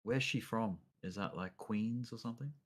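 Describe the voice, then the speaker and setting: Man, low pitch, teasing and amused, casual chat. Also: normal speed. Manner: laughing, teasing.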